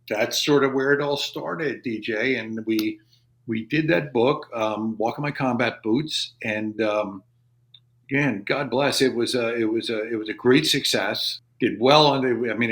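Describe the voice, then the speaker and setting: Speaking at a measured pace in a fairly bright mid-range voice, the fifty-something army veteran rambles through long stories on a studio podcast. He acts out quoted conversations as he goes, keeping it casual.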